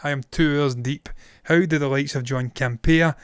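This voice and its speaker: A man's voice: fairly high pitch, fairly even intonation, normal speed, smooth, no echo, clean studio sound. A man in his thirties ranking films on a casual live stream, blunt and opinionated, swearing freely, his voice tired and strained after hours of talking. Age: 30s. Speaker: film reviewer and live-streamer.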